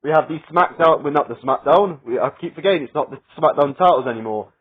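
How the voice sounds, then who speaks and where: A man's voice: a little high, fast talker, breathy edge. A man giving casual solo predictions for a video, rambling with lots of fillers and chuckling at his own asides. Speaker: wrestling predictions vlogger. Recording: tinny phone-like sound.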